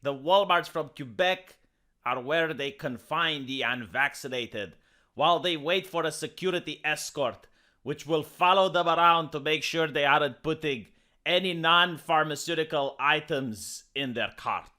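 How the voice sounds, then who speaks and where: A Romanian-accented commentary streamer from Romania rants through sarcastic political commentary, mocking and exasperated, using put-on voices. His voice is fairly high and sharp in tone, and he speaks a little slowly.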